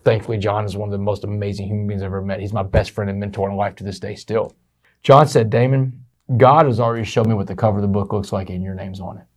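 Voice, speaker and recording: A middle-aged man, a motivational speaker telling his story in an interview, animated and fast, often saying "man". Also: lowish voice. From Texas, USA.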